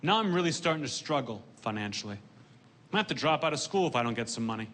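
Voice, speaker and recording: A man performing a stand-up comedy set onstage, with a deadpan delivery. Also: mid-range voice, fast talker. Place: stage before a live audience.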